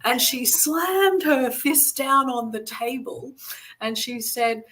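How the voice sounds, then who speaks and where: Woman, Australian accent, guest medium, casual chat, bright, fairly high. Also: lively intonation, takes it slowly, low-quality recording. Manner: chatty, laughs easily.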